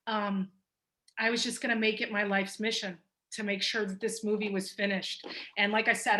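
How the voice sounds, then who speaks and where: Animated woman filmmaker telling her story. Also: fairly high pitch, rough recording. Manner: animated, laughing through an emotional story. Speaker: documentary filmmaker on a panel. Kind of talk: panel discussion storytelling.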